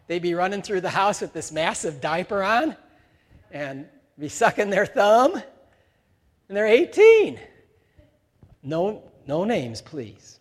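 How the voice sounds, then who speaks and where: A pastor preaching a sermon, telling stories with animation and acting out the voices of the people he quotes. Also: a little high. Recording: preaching in a large reverberant hall.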